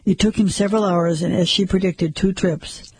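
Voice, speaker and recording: A man reading a story aloud as narrator, in a steady, measured way. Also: high-pitched, slightly rough, dry recording, rough recording.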